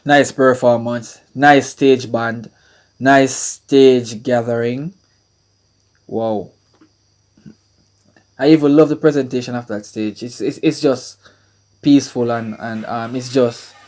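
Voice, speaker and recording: A man's voice: mid-range voice, steady tone. A Jamaican man hosting a music reaction video, talking in awed bursts and repeating himself. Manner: slow, awed, repeats words, breaks into exclamations.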